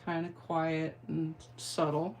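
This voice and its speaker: A woman's voice: deep voice, little pitch movement, takes it slowly, a little mellow, slight background noise. A middle-aged woman giving a card-making tutorial, chatty and playful, with rambling asides. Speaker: craft demonstrator.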